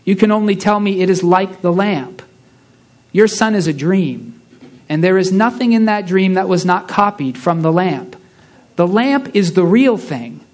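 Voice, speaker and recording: A man reading the part of a soft-spoken female witch queen, slow and cooing, in a sermon. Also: high-pitched, expressive. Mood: coaxing. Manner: slow, cooing, softly repeating.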